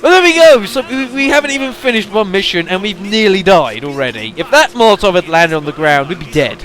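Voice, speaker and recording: A man's voice: sits high, lively intonation, brisk, a bit bright. A young man giving rambling, casual commentary on a game he is playing, with fillers and sudden exclamations. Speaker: let's play commentator.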